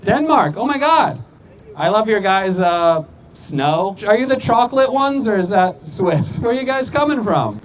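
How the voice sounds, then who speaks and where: Male street comic, high voice, dry roasting crowd work outdoors, faint city noise. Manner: rapid deadpan roasts, wisecracking. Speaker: street comedian.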